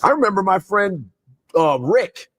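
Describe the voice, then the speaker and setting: A man, a comedian, telling comic stories on a podcast in a lively, animated way, jumping into loud comic voices. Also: sits high, measured pace.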